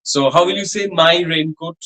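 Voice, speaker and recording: A man with a noticeably high voice teaches a French lesson. He explains each point plainly and drills words over and over at an unhurried pace. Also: sharp tone, rough recording. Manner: slow, patient pronunciation drills with repetition. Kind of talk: language class instruction.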